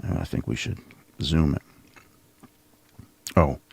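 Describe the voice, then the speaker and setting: A man's voice: extremely low pitch, takes it slowly, gravelly, breathy edge. A man hosting a video that reacts to clips, mocking and sarcastic, often restarting his sentences. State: coughing. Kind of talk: casual commentary.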